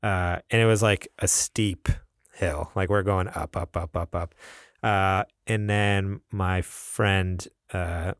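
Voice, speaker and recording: A man's voice: deep voice, fairly even intonation, slow, smooth, no room sound, clean studio sound. A young man co-hosting a podcast, telling a story in casual chat, rambling and laughing often. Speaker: podcast co-host.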